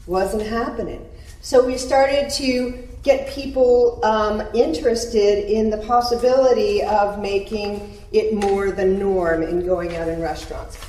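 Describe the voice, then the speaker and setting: A woman's voice: medium pitch, fairly even intonation, measured pace, warm tone. A woman who owns a spa talks chattily and unhurriedly at a community event, laughing now and then. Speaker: spa owner and group founder. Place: event room. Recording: echoey room from far off.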